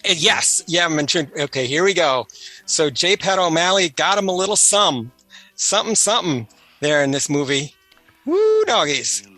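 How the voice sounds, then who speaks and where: Bright, chatty man giving film commentary. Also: on the high side, normal speed, dry recording, faint music behind. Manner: chatty, anecdotal, trivia-filled.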